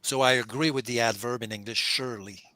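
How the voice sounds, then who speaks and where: A man in a casual discussion, explaining Hebrew scripture in an animated way with frequent restarts. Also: mid-range voice, fast talker, very noisy.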